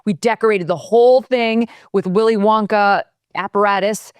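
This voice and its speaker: A woman's voice: mid-range voice, fairly even intonation, moderate pace, smooth, dry recording. A woman in her fifties chatting animatedly as a guest in an interview. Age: 50s. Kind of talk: casual interview chat.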